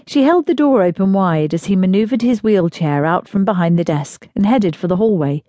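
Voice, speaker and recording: Brief: female audiobook narrator, warm mellow tone, even storytelling pace, dead-dry booth. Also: mid-range voice, normal speed, hardly any pauses, dry recording. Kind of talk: scripted narration of a period romance.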